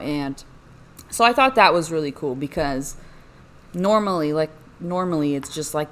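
A young woman hosting a casual personal podcast, rambling with many fillers and animated bursts. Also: sits low, moderate pace. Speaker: podcast host.

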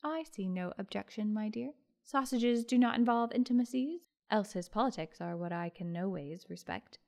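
A woman's voice: mid-range voice, moderate pace, creaky, a little mellow, close to an everyday voice. A woman reading a dry, teasing young husband. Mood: wry. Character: good-humored young working husband.

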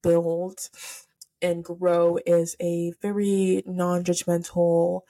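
A teenage girl hosts her own podcast in a casual solo chat, giggly and gushing yet emotional and near tears, rambling with lots of fillers. Her voice is fairly low, monotone, extremely slow, and warm, captured on a camera setup for filming.

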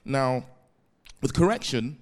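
A man's voice: mid-range voice, lively intonation, slow pace. A male pastor preaching a sermon, often checking if his listeners follow and breaking in with praise. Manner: keeps asking the congregation if it makes sense; repeated "praise the Lord" interjections.

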